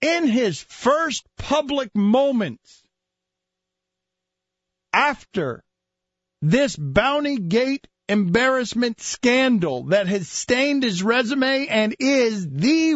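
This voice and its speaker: A man's voice: very high voice, very animated, slow pace, fairly bright tone, no echo. A man hosting sports talk radio, emphatic and mocking, on a dull lo-fi studio recording. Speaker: radio show host.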